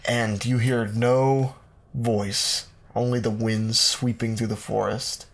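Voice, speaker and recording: A man's voice: mid-range voice, level tone, slow, gravelly, slight background noise. A man co-hosting a podcast, narrating an improvised comic quest story in a meandering, playful way full of ums. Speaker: podcast co-host.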